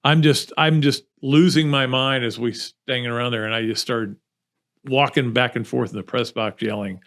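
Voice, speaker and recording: A man's voice: mid-range voice, fairly even intonation, fairly quick, fairly bright tone. A man hosting a sports podcast, chatting casually with a guest and rambling through a funny story. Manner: chatty, rambling, self-deprecating. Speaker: podcast host.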